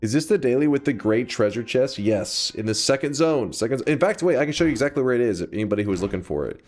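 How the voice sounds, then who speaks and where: A man's voice: mid-range voice, expressive, quick pace, darkish tone, faint music behind. A man giving casual gameplay commentary as a streamer, rambling, thinking aloud and answering chat.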